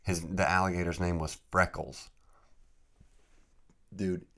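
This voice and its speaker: A man with an extremely deep voice hosts a podcast. He tells a travel story in a loose, rambling chat, dropping "dude" and "freaking" all the time. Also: little pitch movement, takes it slowly, a bit bright. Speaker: podcast host.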